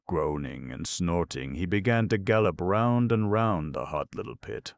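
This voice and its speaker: A man narrating an audiobook with steady storytelling. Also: very deep voice, moderate pace, vocal fry, few pauses, dry recording, studio quality. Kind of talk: scripted narration.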